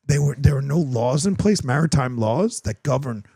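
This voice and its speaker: Gravelly, animated podcast host man. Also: mid-range voice, moderate pace, dry recording. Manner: animated storytelling, laughs while talking. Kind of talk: casual chat.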